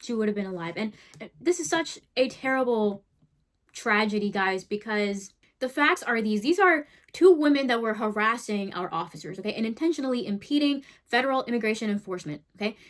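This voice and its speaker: A woman hosts a commentary video in a blunt, heated way, pressing each point with a quick "right?" or "okay?". Her voice sits a little higher than most women's. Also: animated. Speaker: host.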